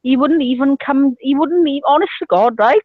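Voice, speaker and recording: A woman's voice: high-pitched, brisk, dry recording, phone-quality sound. A middle-aged woman, chatting and telling gossipy stories over the phone from a beer garden. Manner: storytelling with loud bursts of laughter. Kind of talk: casual chat.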